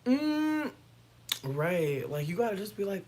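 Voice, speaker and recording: A woman's voice: medium pitch, sing-song, unhurried, slight background noise. A woman chatting casually on a livestream, reading and answering comments in a playful, laid-back way with plenty of swearing.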